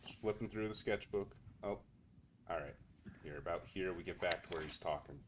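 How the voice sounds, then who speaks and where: A man's voice: low-pitched, moderate pace, heavy background noise. A man streaming casual reaction commentary, incredulous and often laughing in disbelief.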